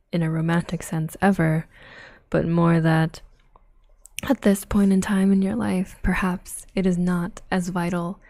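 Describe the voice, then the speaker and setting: A young woman streaming tarot readings in a soft-spoken ASMR voice, slipping into whispers and giggling with chat, close on the mic. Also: lowish voice, creaky, no echo.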